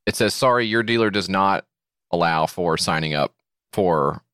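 A man's voice: sits low, normal speed, a bit bright, smooth, no room sound, clean studio sound. A man co-hosting a podcast, telling a story in casual comedic chat, swearing and acting out both sides of phone calls. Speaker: podcast co-host.

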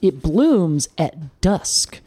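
A man's voice: a little high, very animated, extremely slow, warm tone, slightly rough, no room sound. A man co-hosting a podcast in casual chat, rambling and often searching for words with fillers. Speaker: podcast co-host.

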